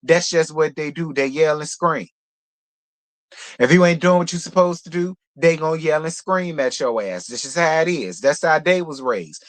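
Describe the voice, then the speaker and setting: A man hosting a casual reality TV recap, talking bluntly and profanely in an animated, opinionated way. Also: on the high side, moderate pace. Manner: animated, opinionated gossip talk. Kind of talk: casual review commentary.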